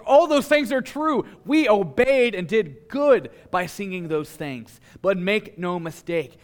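A male pastor delivering a sermon in a voice that sits fairly high for a man. He leans on dramatic pauses and swings between hushed, low passages and forceful declarations.

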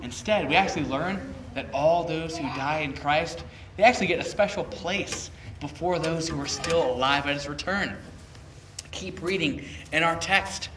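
Male preacher, higher voice, rising to emphatic peaks and dropping to near-whispers, miked from a distance. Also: background noise. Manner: swings from loud emphatic bursts to hushed, slow, soft lines. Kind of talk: sermon. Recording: echoey room, voice picked up from a distance.

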